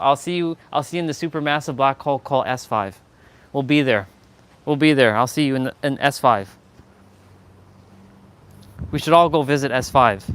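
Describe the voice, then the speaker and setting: A man's voice: medium pitch, fairly bright tone, slight background noise. Playful rambling Southern American man. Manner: playful, rambling, talks to chat, laughs often. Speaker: live streamer. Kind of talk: casual live stream chat.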